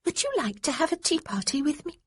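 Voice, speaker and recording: A woman's voice: sits high, lively intonation, a little fast, no room sound, studio quality, voice pushed up. A woman doing a prim, bossy little girl. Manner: prim and demanding, then screaming. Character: young girl, bossy and easily hurt.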